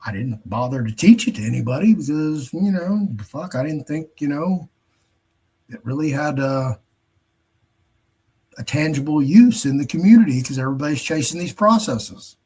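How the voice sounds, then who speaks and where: A man's voice: a little high, animated, normal speed, darkish tone, breathy edge. A man hosting his own show in a casual, rambling monologue, blunt and heavy on profanity. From United States. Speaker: host.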